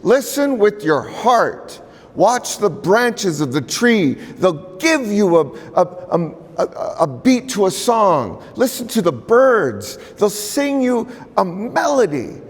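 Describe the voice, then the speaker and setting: A man voicing a gentle, wise old male tribal elder who speaks slowly in a raised, quavering voice. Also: sing-song, breathy edge, full character voice. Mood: gently teaching. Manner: slow, drawn-out, high quavering delivery. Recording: long reverb in a large hall.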